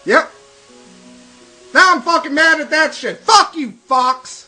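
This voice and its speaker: A young man with a high, bright voice gives sarcastic, profane commentary on a game he is playing. His pitch leaps around as he rants and swears, and faint game music plays under him. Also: animated, takes it slowly, low-quality recording. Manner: ranting, sarcastic, swears constantly. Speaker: let's play commentator.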